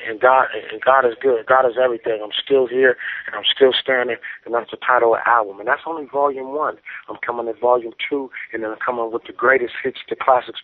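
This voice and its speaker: Fast emotional bay guy calling in on a phone, holding back tears. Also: mid-range voice, no room sound. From San Francisco Bay Area. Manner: emotional, preachy slang-heavy. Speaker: guest rapper. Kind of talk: phone-in shout-outs. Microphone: telephone. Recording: dry tinny phone line.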